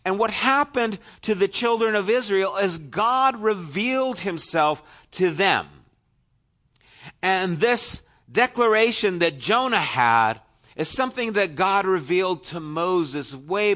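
A man preaching a sermon, retelling a story with conversational asides and dropping to a soft, low voice for emphasis.

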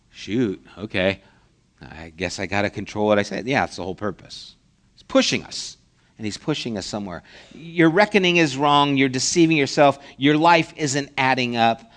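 A man giving a conversational sermon as a pastor, acting out little dialogues and dropping to a hushed voice for emphasis. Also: mid-range voice. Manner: conversational preaching, acts out mock dialogues, drops to a hushed voice.

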